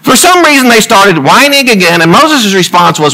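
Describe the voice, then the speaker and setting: In a low-quality recording, a man gives a comedic sermon, animated and full of jokey asides and chuckles at his own remarks. His voice is high and bright, with pitch that swings widely as he goes.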